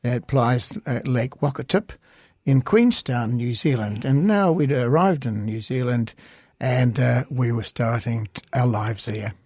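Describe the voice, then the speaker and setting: A man in his eighties, originally from Scotland, telling stories as an interview guest in a halting, anecdotal way. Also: medium pitch, lively intonation, darkish tone, dry recording, clean studio sound. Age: 80s. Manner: halting, anecdotal storytelling with frequent hesitations. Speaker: guest illustrator. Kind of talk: reminiscing interview.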